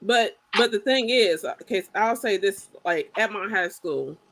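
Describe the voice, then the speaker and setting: A woman's voice: medium pitch, measured pace, over a noisy crowd, rough recording. A woman co-hosting a podcast, telling stories in casual chat and acting out what people said. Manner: animated storyteller who acts out quotes. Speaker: podcast co-host.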